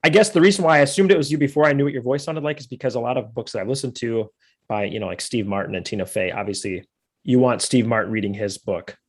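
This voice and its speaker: A man in his thirties hosting a podcast, chatting casually, laughing often and chiming in with quick affirmations. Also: mid-range voice. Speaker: podcast host.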